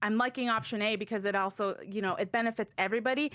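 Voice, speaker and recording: A woman's voice: mid-range voice, steady tone, quick pace, hardly any pauses, a bit bright, dry recording. A woman narrating an improvised story as a vtuber, chatty and a bit hesitant.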